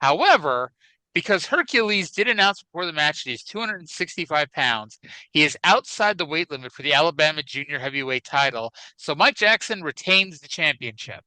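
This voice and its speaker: Bright, crisp-voiced male podcast host. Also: a little high, sing-song, brisk, dry recording, poor audio. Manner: wry, chatty, profane. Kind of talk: casual chat about wrestling.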